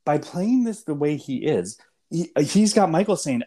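A man's voice: on the high side, big pitch swings, moderate pace, dark tone. A man co-hosting a casual TV recap podcast, arguing his reading of the characters methodically, point by point. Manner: argumentative, lays out points step by step. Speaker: podcast co-host.

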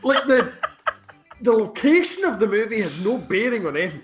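A man chatting casually about films on a podcast, sweary and quick to laugh. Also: high-pitched, soft background music. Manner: sweary, laughing, animated film chat. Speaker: podcast co-host. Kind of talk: casual chat.

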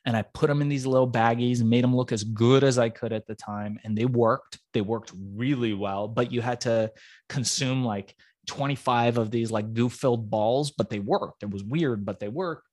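Man from iran, middle-aged, guest on an interview, lively storyteller, voice in the middle range, dry close sound. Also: mid-range voice, moderate pace, no room sound. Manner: animated storyteller who acts out the people in his stories. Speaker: podcast guest, entrepreneur.

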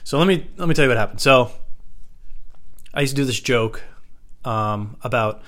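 A man's voice: mid-range voice, moderate pace, a bit bright. A man doing stand-up, telling rambling stories in a loose, profane, digressive way. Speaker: stand-up comedian.

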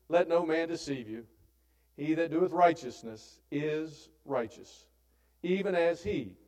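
A man preaching a sermon in a conversational way, asking the audience questions and adding "right?", swinging from loud emphatic lines to hushed tender ones. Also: fairly high pitch. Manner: asks the audience questions, often adds "right?"; conversational, with restarts. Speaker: pastor.

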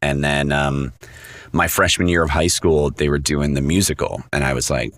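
A young man with a low, bright-edged voice tells stories on a podcast. He talks casually, full of fillers, and slips into the voices of the people he quotes. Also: normal speed. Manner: animated storyteller, acts out quoted voices, many fillers. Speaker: actor guest.

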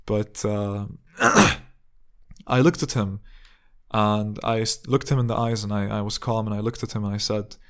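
A man's voice: lowish voice, normal speed, fairly bright tone. A young man hosting a podcast, telling a personal story in an earnest, reflective way, with many restarts and fillers. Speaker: podcast host. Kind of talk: casual storytelling monologue.

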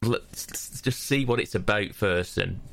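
A man co-hosting a gaming podcast, talking casually in a halting way with frequent restarts and blunt advice. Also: on the low side, gravelly, a bit bright. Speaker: podcast co-host. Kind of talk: casual chat.

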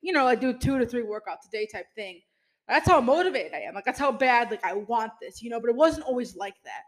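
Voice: medium pitch, expressive, brisk, rough recording. A podcast host giving an emphatic motivational pep talk, addressing listeners directly as "y'all" and peppering the talk with "you know" and mild swearing. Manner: speaks straight to listeners as "y'all".

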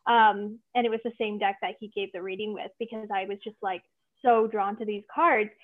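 A woman's voice: mid-range voice, steady tone, brisk. Young woman on a tinny phone-like line. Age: young adult. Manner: earnest, many fillers and "like". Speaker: guest, tarot reader and witch. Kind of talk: casual interview chat.

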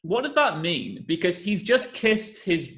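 Lively young man chatting. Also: sits high, a little slow. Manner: lively, jokey storytelling with playful put-on voices. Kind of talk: casual chat.

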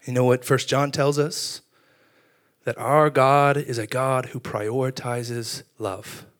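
A young man preaching a sermon, telling funny stories about himself with lively energy. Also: medium pitch, takes it slowly. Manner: animated storytelling with self-deprecating humor. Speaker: youth pastor.

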